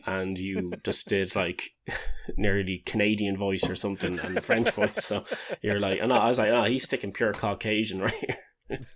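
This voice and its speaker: Lower-voiced man cracking sweary jokes. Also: sharp tone. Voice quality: swears freely, sarcastic. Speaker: podcast co-host. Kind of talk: casual chat.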